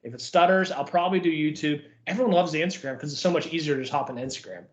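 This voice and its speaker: A man's voice: a little high, racing, roomy sound, dull audio. A young man co-hosting a podcast, chatting casually and rambling with lots of fillers. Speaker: podcast co-host. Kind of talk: casual chat.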